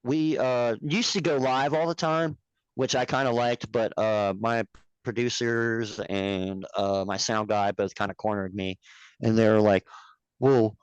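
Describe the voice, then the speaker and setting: A man's voice: fairly low pitch, steady tone, a little slow, clear, resonant tone, dry recording, dull audio. Rambling, laughing man on a dry mic. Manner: rambling, profane, laughs at his own stories. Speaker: podcast guest, puppet show producer. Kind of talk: casual storytelling chat.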